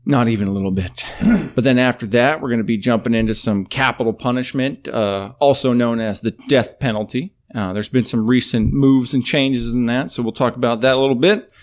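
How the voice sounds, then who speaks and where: A man's voice: medium pitch, a little fast, few pauses. A man co-hosting a laid-back podcast, running through an upbeat scripted opening in a middling voice. He slips into loose asides and chat with his co-host between the scripted parts.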